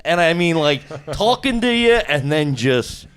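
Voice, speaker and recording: A tipsy man telling rowdy, profane stories in an animated way, laughing through casual podcast chat. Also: a little high, unhurried, a crowd in the background. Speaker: podcast guest.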